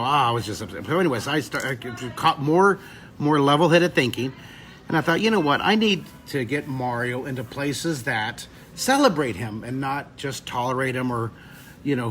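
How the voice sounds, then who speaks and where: A man's voice: medium pitch, fairly bright tone, slight background noise. Rambling, emotional man teaching drawing. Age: 50s. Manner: rambling, emotional storytelling between drawing steps. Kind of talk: live webcast drawing lesson with chat.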